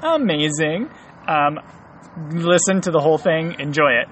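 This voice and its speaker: A man's voice: fairly high pitch, expressive, unhurried, fairly bright tone, slight background noise, rough recording. A man co-hosting a casual podcast, giggling and rambling through his thoughts. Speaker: podcast co-host. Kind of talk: casual chat.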